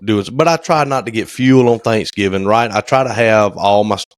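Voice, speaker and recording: A man with a fairly low voice co-hosts a podcast in casual chat. He rambles through his stories with plenty of fillers. The sound is close and dry. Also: a little fast, clear, resonant tone, no room sound. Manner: rambling storyteller, many fillers. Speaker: podcast co-host.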